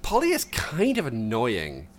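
Scottish man, podcast co-host, swooping lively pitch, faint hiss behind. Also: unhurried. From Scotland. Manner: animated, self-deprecating, laughs often, many restarts. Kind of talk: casual podcast chat.

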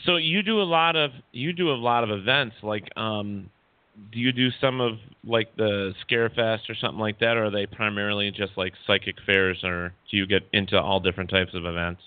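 A man hosting a talk radio show, chatting casually and filling pauses with agreement. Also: lowish voice, clean tone, dry recording. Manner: apologetic, fills with "yeah". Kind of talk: casual interview chat. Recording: tinny dry phone line.

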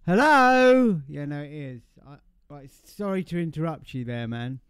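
A man's voice: fairly high pitch, moderate pace, darkish tone, smooth, no room sound. A man co-hosting a podcast, chatting casually with dry, teasing interjections. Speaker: podcast co-host. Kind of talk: casual chat.

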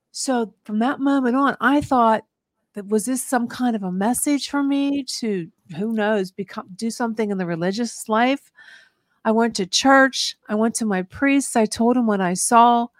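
A woman's voice: on the high side, normal speed, no room sound, clean studio sound. Earnest rambling woman radio host. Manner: earnest, rambling storytelling with many restarts. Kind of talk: casual radio interview, personal testimony.

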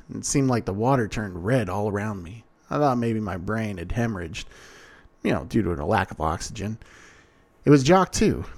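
A man reading a first-person story aloud in a dry, sardonic and blunt manner. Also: fairly low pitch. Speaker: narrator.

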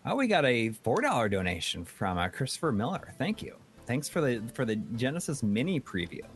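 A man's voice: mid-range voice, very animated, fairly quick, slight background noise. A man co-hosting a casual chat show, reading out donations, rambling with many fillers and restarts. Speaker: podcast co-host reading donations.

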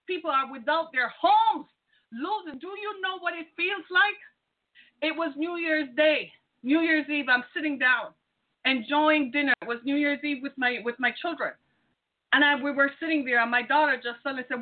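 A woman's voice: high-pitched, moderate pace. A woman podcast host giving an impassioned, preaching monologue, firing rhetorical questions at the listener. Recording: tinny phone-like sound.

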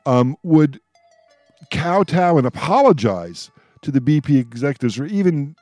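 Halting, stammering male talk host. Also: on the high side, expressive, a little mellow, no echo, soft background music. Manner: halting, stammering, laughs between thoughts. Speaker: radio host. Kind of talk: casual political talk.

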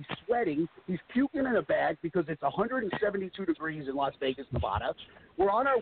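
A man, a wrestler guest on a podcast, telling a comic story with animated delivery. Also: high-pitched, gravelly. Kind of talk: casual podcast chat. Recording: tinny phone-like line, faint hiss.

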